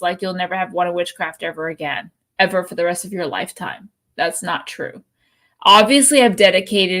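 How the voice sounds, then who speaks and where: Animated, profane woman co-host. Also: mid-range voice. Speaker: podcast co-host. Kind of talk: casual live-show chat.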